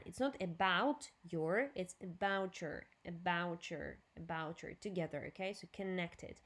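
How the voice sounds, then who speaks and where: This woman speaks with a Ukrainian accent and teaches English vocabulary and grammar in a recorded lesson. She keeps a slow, deliberate pace and drills each word clearly for her students. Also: on the low side, fairly bright tone. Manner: slow, clear drilling with switches to Russian explanations.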